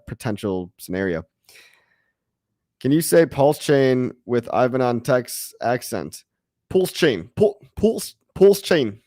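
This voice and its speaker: A man's voice: fairly low pitch, a little mellow, dry recording, clean studio sound. A man hosting a casual livestream, reading viewer chat in a loose, chatty way, often saying "guys" and chuckling.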